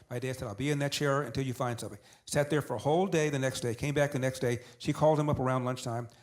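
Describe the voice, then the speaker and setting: An older man tells a family story as a guest in an interview, slipping into the voices of the people he quotes. He builds his points by repeating phrases and stacking them one after another. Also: medium pitch. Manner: animated storyteller who acts out dialogue and repeats for emphasis. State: tearing up.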